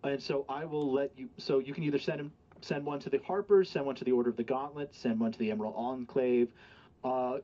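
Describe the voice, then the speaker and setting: A man narrating as game master, halting with fillers and restarts. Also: medium pitch, steady tone, dark tone. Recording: dull lo-fi home mic.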